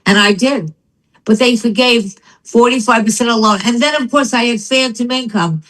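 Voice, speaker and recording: Older woman, guest, animated storytelling, fairly high pitch, casual chat. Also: normal speed, rough recording. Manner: animated storytelling, acts out quotes.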